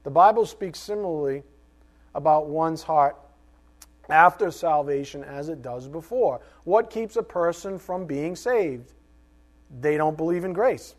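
A middle-aged male pastor preaching a sermon, animated, with rhetorical questions and joking asides. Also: a little high, unhurried.

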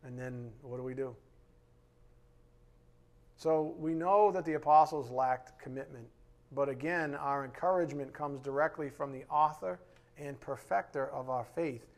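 A man teaching a Bible lesson in a relaxed, conversational way, often checking in with his listeners with "right?". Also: a little high, creaky.

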